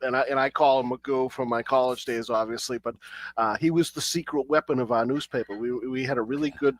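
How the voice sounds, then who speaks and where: A man's voice: mid-range voice, steady tone, brisk, no room sound. A man in his fifties, co-hosting a podcast, reminiscing fondly about college days in casual chat. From Canton, Massachusetts. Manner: reminiscing, fond storytelling. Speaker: podcast co-host.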